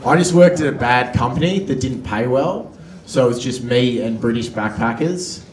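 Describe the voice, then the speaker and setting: Dry stand-up comic. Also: male voice, medium pitch, normal speed, crowd noise. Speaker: stand-up comedian. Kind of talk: stand-up comedy. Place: comedy club stage. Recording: echoey club, distant mic, noise.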